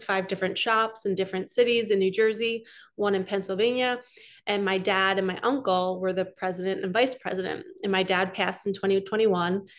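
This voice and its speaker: A woman giving a casual oracle card reading, talking earnestly and rambling a little as she speaks straight to her viewers. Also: medium pitch. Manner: earnest, chatty and rambling, addressing viewers directly. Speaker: spiritual coach doing card readings.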